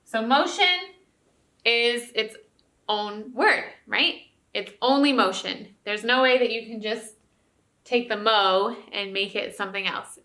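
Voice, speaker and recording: A woman's voice: on the high side, measured pace, sharp tone. A woman teacher giving a recorded spelling lesson to young students, patient and encouraging, often checking in with "okay?". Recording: roomy echo.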